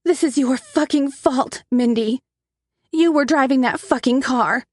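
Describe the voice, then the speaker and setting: A bitter, desperate young woman begging and lashing out in a higher, slower voice, as a female reader puts her on. Her words come pleading, then turn sharply accusatory. The sound is dry and close, with no room around it. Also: lively intonation, no room sound. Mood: furious.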